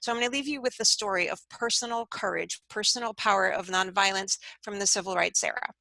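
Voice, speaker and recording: Bright-voiced earnest woman telling a story. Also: mid-range voice, fast, vocal fry, dry recording, rough recording. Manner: earnest, acts out quoted voices. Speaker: interview guest. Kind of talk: conversational storytelling.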